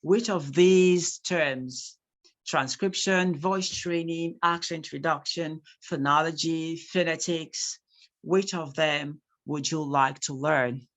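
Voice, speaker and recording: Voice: medium pitch, fairly even intonation, slow pace, fairly bright tone. A speaking tutor with a Nigerian accent teaching a live online class, reading out replies from the chat and repeating key points for emphasis.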